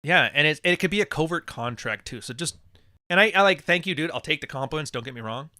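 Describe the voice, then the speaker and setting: Man, podcast host, casual livestream talk, blunt and profane, bright voice, dry sound. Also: fairly high pitch, animated, fast, dry recording. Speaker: podcast host reading live chat.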